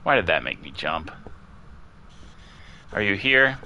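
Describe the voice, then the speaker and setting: A man with a low voice, crisp and bright on top, talks through a ghost hunt on a desk mic. He muses aloud in a chatty way and keeps calling out questions to the ghost. A faint hiss sits under his voice. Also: big pitch swings, slow pace, lo-fi sound. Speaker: gamer streaming his play. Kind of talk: casual commentary while playing.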